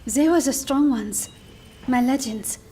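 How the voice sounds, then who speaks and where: An actress playing an earnest, gentle young woman. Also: sits high, measured pace, husky. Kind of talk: game cinematic voice acting.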